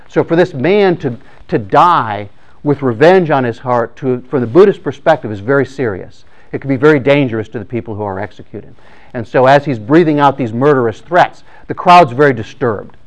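A man's voice: mid-range voice, expressive, moderate pace, highs cut off. A man telling a story in a sermon, speaking conversationally with frequent restarts.

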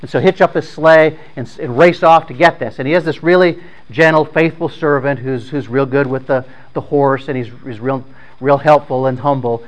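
A man's voice: medium pitch, normal speed, low-quality recording. A man informally retelling a story in plain, conversational words, often repeating and restarting his phrases.

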